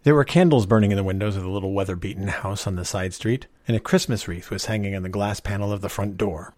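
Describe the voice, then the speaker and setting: A man narrating a story in a measured, expressive reading voice. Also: lowish voice, no room sound.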